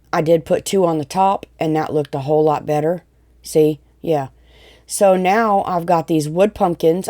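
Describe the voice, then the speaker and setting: A woman's voice: sits low, mellow, no echo, clean studio sound. A woman hosting a DIY craft tutorial, chatting casually, rambling and correcting herself as she works. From Tennessee. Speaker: DIY crafting channel host.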